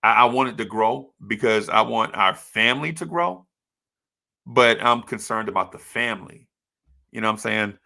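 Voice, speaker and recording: Man, gravelly voice, live stream host, rhetorical and heartfelt. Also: on the low side, moderate pace, pushed and bright. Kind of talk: emotional sports fan monologue.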